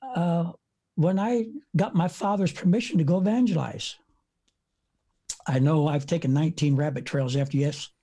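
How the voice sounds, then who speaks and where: Speaking at a normal speed, this man has a mellow, fairly high voice. He's a US evangelist in his seventies, sitting on his front porch and spinning rambling, filler-laden folksy stories for an interviewer.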